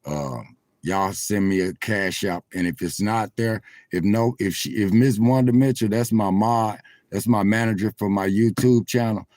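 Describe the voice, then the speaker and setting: A man sits in his parked car at a truck stop and chats casually to livestream viewers through his phone, building into preacher-like swells. The recording is dry, and his lowish voice is a little mellow at a moderate pace.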